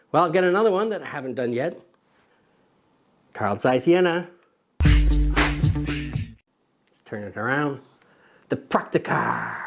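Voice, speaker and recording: With slight background noise, a man with a medium-pitched voice hosts a laid-back lens review show. Jokey and playful, he keeps chatting to his toddler co-host.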